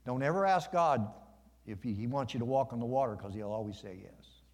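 A man's voice: mid-range voice, animated, brisk. A man preaching a sermon to his congregation in a folksy, conversational way, asking them questions and joking. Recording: long reverb of a large hall.

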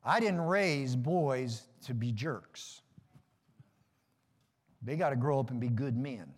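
A man's voice: medium pitch, expressive, takes it slowly, long reverb tail. A middle-aged man preaching a sermon in a folksy, joking way, calling for amens. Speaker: pastor.

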